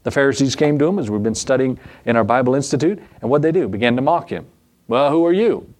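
A man preaching an evening church sermon, asking rhetorical questions that rise in pitch and repeating phrases for stress. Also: fast talker, darkish tone.

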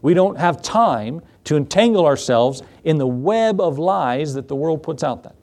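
A man's voice: fairly high pitch, lively intonation, normal speed, darkish tone. A male pastor preaching a sermon in a conversational way, with rhetorical questions and repeated phrases.

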